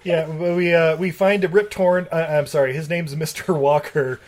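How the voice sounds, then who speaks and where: A man's voice: fairly high pitch, fairly even intonation, normal speed. A man co-hosting a casual movie-review chat, rambling and sarcastic, laughing often. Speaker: podcast co-host.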